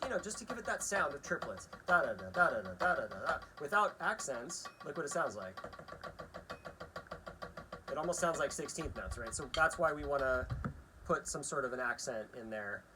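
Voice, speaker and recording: A man's voice: a little high, moderate pace, background noise. Chatty man teaching drum rhythms. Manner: relaxed, chatty, counts rhythms aloud. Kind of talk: casual demonstration lesson. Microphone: phone camera aimed at a practice pad.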